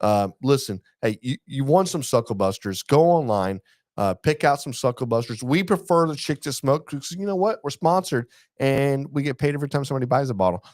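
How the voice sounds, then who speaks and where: A man's voice: mid-range voice, lively intonation, fairly quick, a little mellow, no echo, clean studio sound. Joking male podcast co-host. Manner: joking, laughing, rambling. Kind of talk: casual chat.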